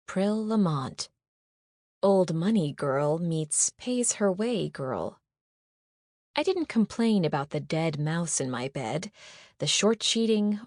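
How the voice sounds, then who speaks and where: Lower-pitched woman narrating an audiobook. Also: darkish tone, no echo, clean studio sound. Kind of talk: first-person audiobook narration.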